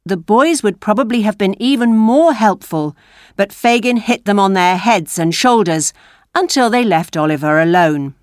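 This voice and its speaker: A woman narrating a classic story aloud for language learners, slow and expressive. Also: mid-range voice, no room sound, clean studio sound. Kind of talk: reading a graded story aloud.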